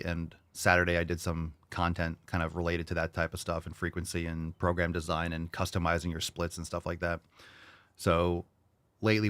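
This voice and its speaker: A man's voice: sits low, a bit bright, dry recording. A man hosting a fitness podcast, casually answering listener questions in a blunt, joking way with some swearing.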